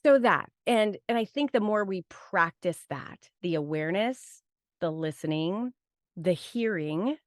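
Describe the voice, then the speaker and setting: A woman's voice: on the low side, animated, a little slow, dry recording, studio quality. A woman speaking as a podcast guest, talking in a casual, reflective, rambling way full of "like" and "right?". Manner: rambling, restarts, frequent "like" and "right?". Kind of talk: casual reflective interview talk.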